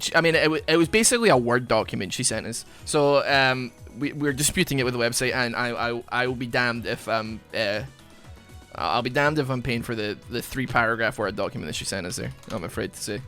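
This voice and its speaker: A man's voice: medium pitch, brisk, soft background music. A man, a gaming YouTuber, chatting casually over gameplay, rambling through a story with lots of fillers. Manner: animated, bursts of laughter.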